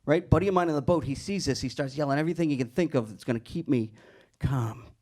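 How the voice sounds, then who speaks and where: A man's voice: medium pitch, quick pace, darkish tone. A middle-aged man doing a stand-up comedy set on a club stage, telling a story and acting out the other people's lines in changing voices. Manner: storytelling, acts out dialogue with shifting voices.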